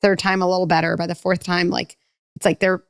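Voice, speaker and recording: Animated woman with a gravelly low voice. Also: dry recording, clean studio sound. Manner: fast, animated, acts out kids and parents with voice shifts. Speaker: parenting expert guest. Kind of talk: podcast conversation.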